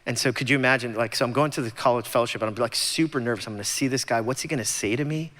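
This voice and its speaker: Church testimony speaker, forties, easygoing and self-mocking, recorded in an echoing sanctuary. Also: male voice, medium pitch, very fast, fairly bright tone. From Los Angeles, USA. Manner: conversational storytelling with self-deprecating humor. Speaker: guest speaker at church gathering. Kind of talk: personal testimony talk. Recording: long church-hall reverb.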